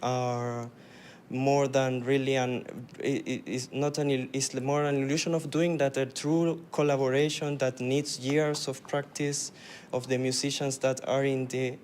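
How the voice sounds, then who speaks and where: Flat-voiced man, hesitant question. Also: mid-range voice, unhurried, a little hiss or hum. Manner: hesitant, restarting, many fillers. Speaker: audience member asking a question. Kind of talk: question from the floor.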